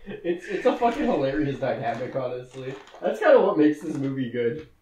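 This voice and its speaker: A man's voice: medium pitch, very animated, brisk, roomy sound, a crowd in the background, poor audio. A man recapping a movie in casual, profane chat, rambling with fillers and laughter. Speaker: podcast co-host.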